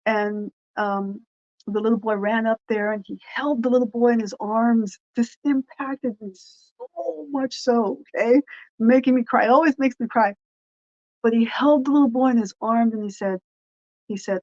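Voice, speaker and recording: A woman's voice: a little high, moderate pace, a little mellow, highs cut off. A woman pastor and podcast host giving an informal devotional talk, rambling and earnest, with frequent restarts and fillers.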